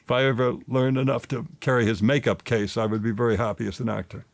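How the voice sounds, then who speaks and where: A man's voice: fast, creaky. A man in his seventies, an actor and author, telling stories in an interview and getting emotional as he talks. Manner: emotional, rises in pitch when excited. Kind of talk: animated storytelling interview.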